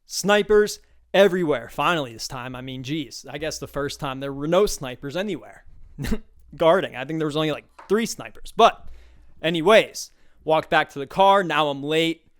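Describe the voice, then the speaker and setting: A man's voice: fairly high pitch, animated, normal speed. A man hosting his own talk show, telling a casual, profane story and mimicking people he met along the way. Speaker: podcast host. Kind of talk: casual solo monologue.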